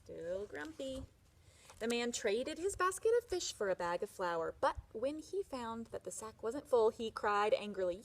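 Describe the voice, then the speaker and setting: A woman reading a picture book aloud to children, expressive, with chatty asides. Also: fairly high pitch, measured pace.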